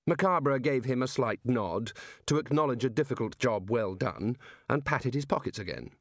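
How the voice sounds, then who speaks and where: A man narrating an audiobook in an expressive reading voice. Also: mid-range voice, normal speed, dry recording, studio quality. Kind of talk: scripted narration.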